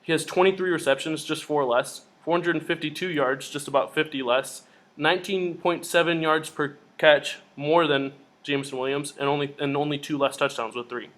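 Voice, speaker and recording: A young man co-hosting a casual college football podcast, talking in an excitable way. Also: a little high, moderate pace. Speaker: podcast co-host. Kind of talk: casual sports chat.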